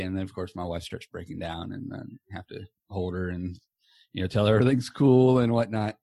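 A man hosts a podcast from a small home office, rambling in a loose, casual way and dropping the odd swear word. His voice sits a little low. The sound is dry and close, with no room echo. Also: steady tone, fairly quick, vocal fry, mellow. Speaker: podcast host. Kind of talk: casual chat. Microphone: earbuds.

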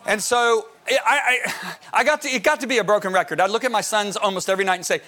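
A middle-aged man preaching a sermon as pastor, emphatic and animated, often asking his listeners questions. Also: sits high, fast.

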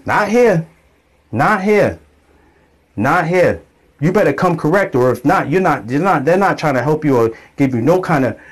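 Animated man telling a story. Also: medium pitch. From grew up in an island community. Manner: animated storytelling, acts out quoted voices. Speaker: vlogger. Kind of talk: casual monologue to camera.

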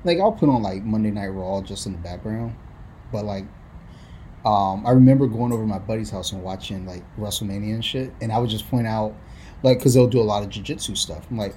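A young man with a low voice chats loosely on a podcast, full of crude jokes and swearing. A faint hiss sits under the recording. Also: fast, darkish tone. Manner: crude, joking, swears a lot. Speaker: podcast co-host. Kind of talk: casual chat.

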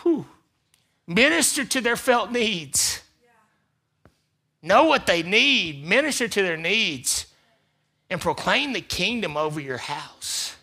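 A man preaching a sermon as pastor, repeating phrases for emphasis and swinging between loud emphatic peaks and quiet asides. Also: high voice, sing-song, takes it slowly, long pauses, breathy edge. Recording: live church service.

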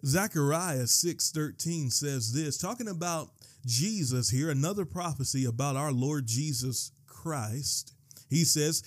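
A man preaching a sermon, slowing down for quoted verses and repeating lines for emphasis. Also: fairly high pitch. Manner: dramatic pauses and slowed quotations, building to shouting; repeats and rereads phrases for emphasis.

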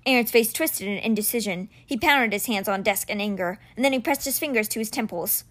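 A woman reading a novel aloud chapter by chapter, with expressive storybook narration. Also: on the high side, fairly quick. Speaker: audiobook reader.

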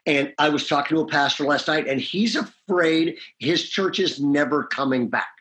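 Emphatic pastor, higher-pitched man. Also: normal speed, hardly any pauses, a bit bright. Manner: emphatic, punctuates points with "okay?". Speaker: pastor and leader. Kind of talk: leadership interview.

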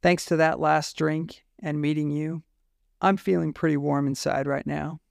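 Gravelly man reading a story. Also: a little high, fairly even intonation, measured pace, no echo, clean studio sound. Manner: emotional, candid narration with swearing. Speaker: fiction reader. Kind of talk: first-person story reading.

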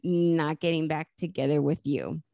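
A woman co-hosting a casual chat and recapping a sitcom episode, lively, often acting out characters' lines. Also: low voice, normal speed, gravelly, no echo. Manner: animated, acts out characters' lines. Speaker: podcast co-host.

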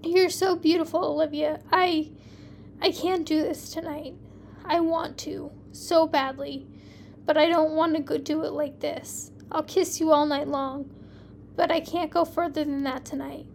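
A woman reading the lines of a steady, gentle male police investigator in a soft, reassuring way. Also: high-pitched, a little slow, vocal fry, slight background noise.

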